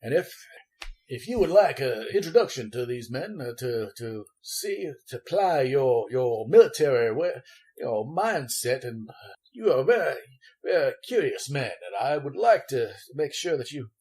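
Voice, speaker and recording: A man playing a wordy, evasive Southern gentleman lawyer, flowery and polite, halting with many restarts. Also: mid-range voice, sing-song. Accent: American Southern. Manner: florid, overly polite.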